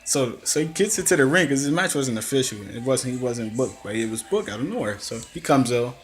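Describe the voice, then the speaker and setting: Young man, casual wrestling recap vlog, animated storytelling, mid pitch. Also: fairly quick. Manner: animated storytelling with acted-out quotes and laughs. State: coughing, throat acting up. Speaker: wrestling reviewer.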